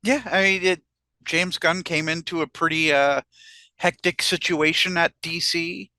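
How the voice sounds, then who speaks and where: A male podcast co-host chats casually, hesitating and filling gaps with "uh." His voice runs slightly high and bright, close and dry on the mic. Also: steady tone, measured pace, no echo. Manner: hesitant, stumbles over starts and fills with "uh". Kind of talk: casual chat.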